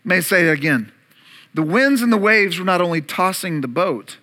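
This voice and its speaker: High, bright-voiced animated man preaching. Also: moderate pace. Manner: animated preaching, acts out disciples' panic and Jesus' calm. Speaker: pastor. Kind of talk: sermon. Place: church room.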